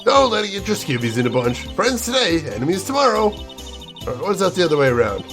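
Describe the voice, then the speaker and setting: A man's voice: sits high, big pitch swings, fast talker, over music, pitched above the performer's own voice. A man voicing a chatty Southern woman photographer with a drawl and homespun sayings. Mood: sassy.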